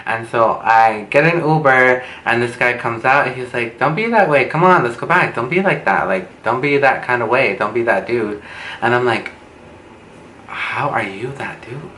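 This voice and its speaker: A young man telling a storytime vlog, animated and swearing, acting out what people said with big jumps in pitch. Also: moderate pace. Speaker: vlogger. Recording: echoey room with faint background noise.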